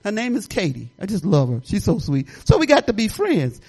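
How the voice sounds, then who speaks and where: A woman's voice: medium pitch, huge pitch swings, a little fast, mellow, slightly rough, low-quality recording. An older woman pastor, preaching in a folksy, conversational way, rambling into personal stories with asides. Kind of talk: informal testimony sermon.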